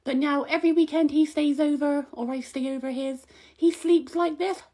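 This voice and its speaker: A young woman rambles through a comic monologue, gossipy and indignant. Her voice sits high and bright in pitch. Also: fairly even intonation, moderate pace. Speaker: comic vlogger.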